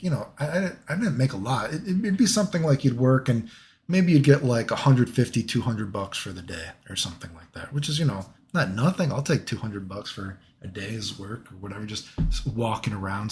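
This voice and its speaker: A man's voice: medium pitch, a little mellow. A young man who says he is sick, telling a rambling, profane story with lots of fillers and restarts. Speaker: vlogger. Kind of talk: casual storytelling.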